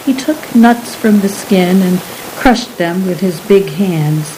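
Slow, mellow woman narrating a story. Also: mid-range voice, slight background noise, rough recording. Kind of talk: scripted first-person narration.

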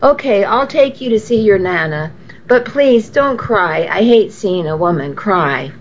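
A woman voicing a kind young man who talks in a gentle, reassuring way. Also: medium pitch, lively intonation, unhurried. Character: kind young man, a stranger giving a ride. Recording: dull, faintly noisy recording.

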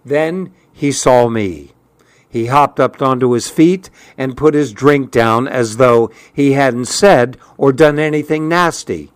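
Slow-reading male storyteller. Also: mid-range voice, clear, resonant tone, dry recording. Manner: unhurried, even first-person storytelling. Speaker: narrator.

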